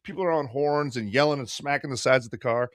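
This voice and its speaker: A man's voice: medium pitch, quick pace, dry recording, clean studio sound. A man in his fifties telling a long, profane story in casual podcast chat, slipping into the voices of the people he quotes. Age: 50s. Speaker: podcast host.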